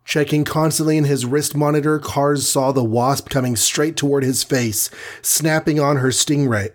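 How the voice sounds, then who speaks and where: A man's voice: fairly high pitch, steady tone, normal speed. A man narrating a superhero storybook with a dramatic, vivid reading. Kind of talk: scripted audiobook narration.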